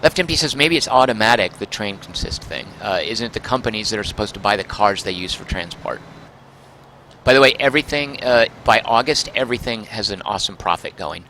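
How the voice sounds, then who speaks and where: A man's voice: on the low side, animated, fairly quick, pushed and bright, slight background noise. A man streaming a game, chatting and muttering to himself, mildly exasperated with the controls. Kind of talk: casual game livestream commentary.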